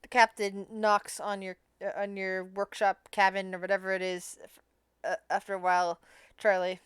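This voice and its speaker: A woman's voice: mid-range voice, little pitch movement, moderate pace, clear, resonant tone, dry recording. A woman running a tabletop game as game master, thinking aloud as she narrates and often restarting her sentences.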